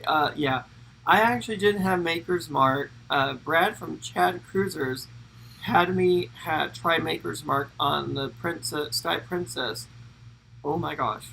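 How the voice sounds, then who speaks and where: A man's voice: fairly high pitch, slow pace, creaky, sharp tone, slight background noise, rough recording. A man co-hosting a casual travel livestream, reading out viewer names and chatting between laughs and stumbles. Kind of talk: casual live-stream chat.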